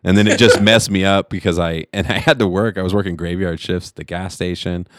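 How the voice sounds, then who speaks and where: A man's voice: low-pitched, steady tone, a little fast, noisy background. A middle-aged man co-hosting a podcast, rambling through a casual story with lots of laughing and swearing. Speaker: podcast co-host.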